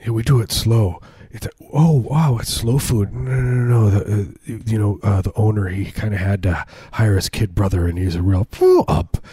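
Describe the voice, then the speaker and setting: A man with a husky, mellow, fairly low voice tells rambling comic stories in casual chat. He restarts his sentences often and acts out the people he quotes. The sound is dry and close. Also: steady tone, brisk, few pauses, no echo. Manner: rambling storyteller with many restarts and acted-out quotes.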